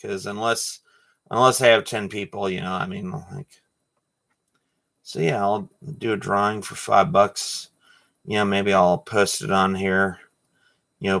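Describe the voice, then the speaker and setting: A man's voice: lowish voice, vocal fry, a bit bright. A man chatting casually on a live stream while he draws, rambling with lots of fillers.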